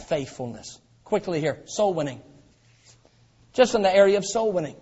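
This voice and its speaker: A man preaching a sermon as pastor, telling stories and swinging from quiet asides to loud shouted lines. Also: sits high, animated, normal speed, long pauses, husky. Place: church auditorium. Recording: dull sound with long hall reverb.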